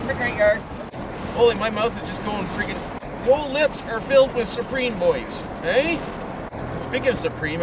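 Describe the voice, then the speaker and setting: A high-pitched man with an Ontario Canadian accent rambles through a driving vlog from inside a van, window down, capping his lines with "it is," "boys" and "friggin' right." Wind fills the recording, which is captured from a distance in the car.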